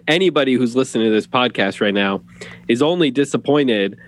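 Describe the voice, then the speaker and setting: A man's voice: medium pitch, lively intonation, normal speed. A man co-hosting a podcast, joking and teasing in casual chat.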